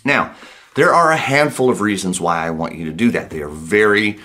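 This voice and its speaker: A low-voiced man gives a guitar lesson over soft guitar playing. He talks in a relaxed, reassuring way and doubles up words for emphasis. He counts beats out loud while he plays. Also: a little fast. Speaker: guitar teacher.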